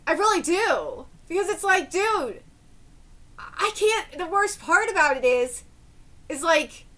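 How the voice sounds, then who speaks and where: Emotional woman reaction streamer with a very high, lively voice, tearful and blunt. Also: slow pace. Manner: emotional, candid, swears freely. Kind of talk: live reaction chat.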